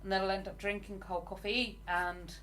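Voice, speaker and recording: A woman's voice: mid-range voice, flat delivery, moderate pace, a bit bright. Chatty southern English woman. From England (Hertfordshire). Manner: chatty and enthusiastic, laughs often. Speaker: livestream host. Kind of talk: casual live chat, reading viewer comments.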